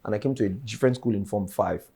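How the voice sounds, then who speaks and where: A man's voice: on the low side, fast talker, vocal fry, dark tone, husky. A young man, answering interview questions in an earnest, rambling way. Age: young adult. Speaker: interview guest.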